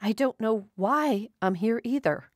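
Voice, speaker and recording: A woman voicing a confused older woman who has lost her memory, hesitant and slow. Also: a little high, animated, dry recording, clean studio sound, pitched above the performer's own voice. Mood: bewildered. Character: confused older woman, injured amnesiac patient.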